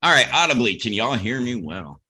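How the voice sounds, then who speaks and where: A man's voice: mid-range voice, very animated, brisk, pushed and bright. A man hosting a casual live stream, teasing his guest with goofy pickup lines. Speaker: host.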